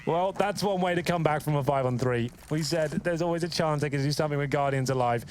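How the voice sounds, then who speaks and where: A man's voice: fast, noisy background. A man giving casual colour commentary on an esports match, chatting and laughing with his co-caster. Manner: casual, laughing, drops quiet and low in asides.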